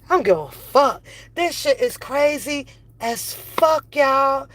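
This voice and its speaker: A woman's voice: high voice, expressive, takes it slowly, fairly bright tone, no echo. A woman ranting angrily in a commentary video, profane and repetitive. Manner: heated, profane, repeats phrases. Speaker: commentary vlogger.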